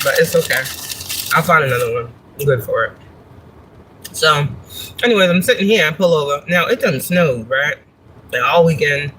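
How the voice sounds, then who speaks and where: A woman's voice: low voice, a bit bright, a little hiss or hum, rough recording. A woman hosting a casual livestream from her parked car, chatting, swearing and laughing as she tells a story. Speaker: spiritual reader and livestream host.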